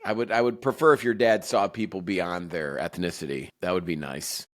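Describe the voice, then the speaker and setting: Man, 40s, chef guest, lowish voice, rambling, self-correcting, casual. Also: fairly even intonation, fairly quick. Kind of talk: casual chat.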